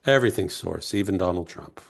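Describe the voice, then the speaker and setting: A man from the United States, a guest author, telling heartfelt stories slowly and reflectively in an interview. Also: sits low, vocal fry. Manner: heartfelt, emotional, slow and searching.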